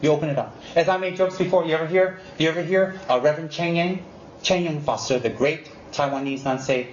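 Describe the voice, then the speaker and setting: Animated male Buddhist teacher, roomy lo-fi recording. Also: a little high, quick pace. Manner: animated and teasing, mimics excuses, repeats emphatic warnings. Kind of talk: unscripted dharma talk to students. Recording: roomy, dull lo-fi recording with faint hiss.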